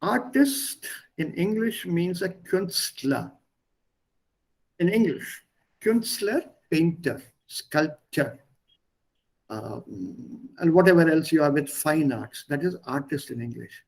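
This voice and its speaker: A man teaching a language lesson online, explaining word pairs patiently with pauses. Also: fairly high pitch, expressive, vocal fry, darkish tone, low-quality recording.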